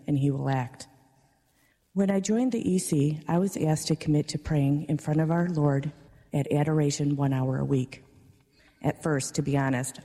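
A woman, a parishioner, reading a prepared personal testimony in a church, earnest and steady. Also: low voice. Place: large church. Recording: long church reverb.

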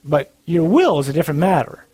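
Man, Catholic speaker, earnest, blunt, husky, fairly high voice. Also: sing-song, brisk, mellow. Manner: earnest, blunt, with dry humor. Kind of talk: sermon-like talk to young adults.

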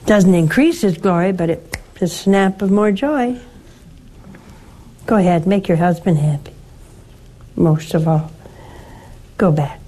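Woman, nun, call-in host, gentle, earnest, slow-paced, mellow tone. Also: on the low side. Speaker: nun hosting a call-in show. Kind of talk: religious call-in teaching.

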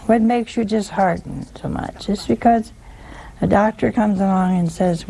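A woman's voice: medium pitch, steady tone, measured pace, gravelly, dark tone. A woman preaching a conversational homily, asking her listeners rhetorical questions and acting out the voices in her stories. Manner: acts out quoted voices in a story. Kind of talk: homily on love with anecdotes.

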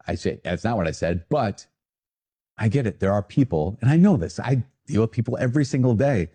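Animated self-deprecating priest. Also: male voice, on the low side, a little fast, breathy edge. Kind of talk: casual video talk.

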